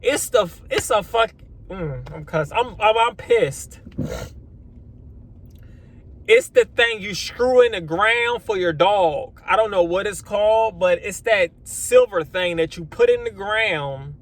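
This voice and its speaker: A man vlogs outdoors about his lawn care work. His voice sits high for a man, and he talks casually. He rambles, swears, and acts out his own shocked reactions. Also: lively intonation, slow pace. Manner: swears then apologizes. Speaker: lawn care business owner. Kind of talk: casual vlog storytelling.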